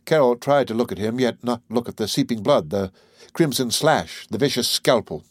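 A man narrating an audiobook in a measured, unhurried way. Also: mid-range voice, animated, no echo, clean studio sound.

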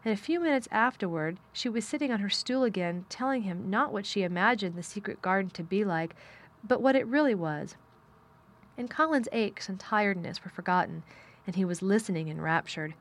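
A woman narrating a children's novel as an audiobook. She reads at a calm, measured storytelling pace. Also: medium pitch. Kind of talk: audiobook reading.

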